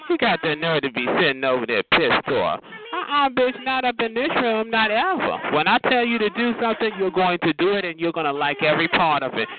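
Over a tinny phone chat line with loud hiss, a man with a high voice and lively intonation talks briskly as he trash-talks someone. He is sassy and taunting, and he keeps repeating "bitch" and "honey" in this aggressive exchange.

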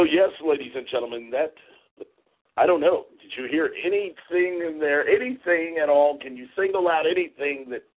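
A man hosts a podcast, talking casually and stumbling over fillers before he turns emphatic. His voice is husky, at a middle pitch. The sound is narrow and phone-like. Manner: hesitant, then emphatic. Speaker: podcast host. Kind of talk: casual commentary. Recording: tinny phone-like audio.

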